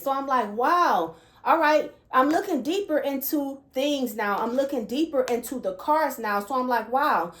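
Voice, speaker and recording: A woman hosting her channel, giving a casual spiritual card-reading talk in an emphatic way and checking in with "okay?" after nearly every point. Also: high-pitched. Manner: emphatic, keeps adding "okay?" and "all right?". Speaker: channel host, card reader.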